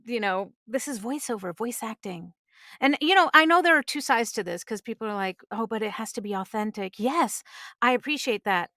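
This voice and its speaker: A woman, a singer and voice actress, chatting as a podcast guest, animated and laughing often. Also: fairly high pitch, a little fast, no echo, studio quality. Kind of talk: casual interview chat.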